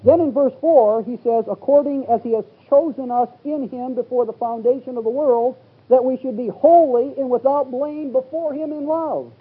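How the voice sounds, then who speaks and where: A man's voice: extremely high pitch, moderate pace, husky. A man preaching a Bible teaching sermon, reading scripture aloud and explaining it verse by verse. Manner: reads scripture in King James wording, rising to exclaim. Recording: phone-like, lo-fi sermon recording.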